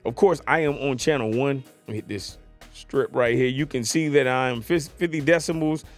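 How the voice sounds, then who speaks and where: A man's voice: medium pitch, normal speed, faint music behind. A man casually demoing a new piece of audio gear, joking around and often asking the listener if they follow him, speaking into a podcast microphone in a home studio. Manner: playful, chatty, keeps asking if you follow him. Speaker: tech gear reviewer. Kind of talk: casual product demo. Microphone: USB podcast mic on desk.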